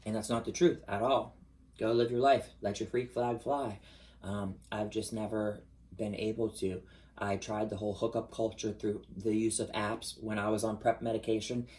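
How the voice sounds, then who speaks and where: A man in a casual, confessional vlog monologue, chatty and expressive, with sudden rises in pitch for emphasis. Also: moderate pace, rough recording. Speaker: vlogger.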